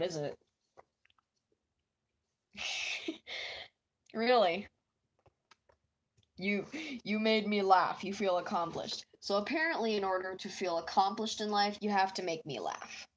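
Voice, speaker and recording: Giggly woman streamer with a stuffy nose, unhurried and self-mocking, ordinary middle pitch. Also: steady tone. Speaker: artist streaming while drawing. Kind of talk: casual chat with live viewers.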